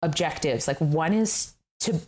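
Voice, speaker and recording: A woman's voice: low-pitched, measured pace, darkish tone. A woman furniture designer telling stories in a casual interview, laughing often and swearing casually.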